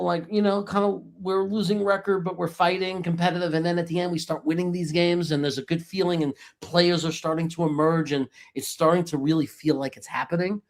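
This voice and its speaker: A man hosting a casual sports podcast, talking in long rambling run-on thoughts full of "you know"s. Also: a little high. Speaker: podcast host.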